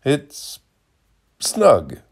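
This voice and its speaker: A man's voice: medium pitch, wildly swooping pitch, extremely slow, gravelly, husky, voice pushed up, exaggerated voice. A man voicing a servile, hesitant male innkeeper who gropes for his words, read as part of a storybook narration. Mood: fawning.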